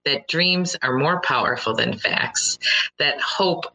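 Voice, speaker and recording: A middle-aged woman giving an earnest motivational talk to listeners, telling personal stories with animated quoted reactions. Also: sits low, slow, poor audio. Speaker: speaker addressing listeners.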